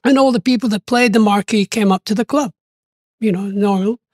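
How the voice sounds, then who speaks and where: Brief: older male guest, lively storyteller who acts out quoted voices, recorded dry and close. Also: high voice, fairly quick, dry recording. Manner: animated, acts out quoted voices, laughs often. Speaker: interview guest. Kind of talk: storytelling interview.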